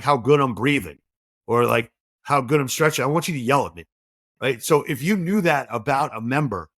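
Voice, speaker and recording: Animated man telling stories, dry sound. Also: mid-range voice, no echo. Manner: animated storyteller, acts out quoted dialogue. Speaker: guest. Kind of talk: conversational podcast interview.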